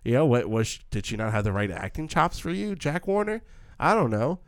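A man's voice: medium pitch, very animated, brisk, smooth, no echo, clean studio sound. A young man co-hosting a casual film discussion, rambling into rants and breaking off his own sentences. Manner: rambling, self-interrupting rants. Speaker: podcast co-host.

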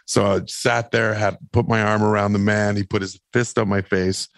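A man, an actor and podcast guest, telling a long personal story in a lively, rambling way. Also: on the low side, moderate pace, gravelly, dry recording. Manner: animated, rambling anecdotes. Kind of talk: casual storytelling.

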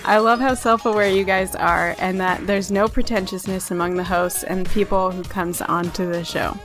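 A woman's voice: medium pitch, steady tone, moderate pace, over music. A woman co-hosting a podcast, reading listener reviews aloud in casual chat and laughing often. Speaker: podcast co-host.

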